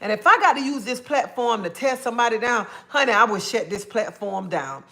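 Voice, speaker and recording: A woman's voice: fairly high pitch, lively intonation, brisk, pushed and bright. A woman ranting casually on a live stream, blunt and sassy, calling viewers honey and baby and tagging her points with "okay?". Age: adult, a mother. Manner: repeats "okay?" after points. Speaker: livestreamer.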